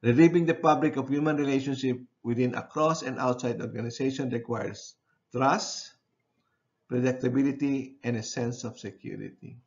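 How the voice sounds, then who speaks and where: A man at a mid pitch delivers a university lecture, pausing and restarting his sentences. He repeats phrases and keeps checking in with the class. The recording sounds dull and lo-fi. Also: fairly even intonation, darkish tone.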